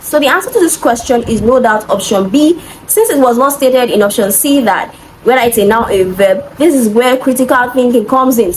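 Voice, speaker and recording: A fairly high-voiced woman walks students through exam answers step by step. She is patient and methodical, often stopping to check that they follow. A faint hiss of noise sits under her voice. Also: low-quality recording. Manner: patient, methodical teaching with frequent "okay?" checks. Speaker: English exam tutor.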